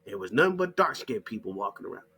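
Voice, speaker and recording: Husky man ranting, swearing. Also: on the low side, big pitch swings, quick pace, bright, forceful tone, faint music behind. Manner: heated, mocking, swears constantly. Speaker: channel host. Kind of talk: profane ranting monologue.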